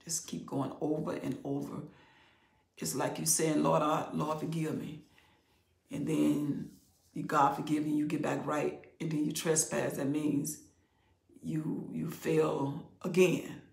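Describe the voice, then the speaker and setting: Gravelly older woman teaching scripture. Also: low-pitched, measured pace. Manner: expressive, conversational preaching, drops to near whispers. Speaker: Bible teacher. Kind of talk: animated Bible teaching. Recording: roomy echo.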